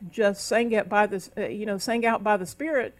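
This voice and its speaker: A woman's voice: mid-range voice, fairly even intonation, a little fast. Middle-aged woman pastor preaching, preacherly and emphatic, breaks into tongues. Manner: preacherly, speaks in tongues, rises into emphatic calls. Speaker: minister. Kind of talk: sermon. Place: church service.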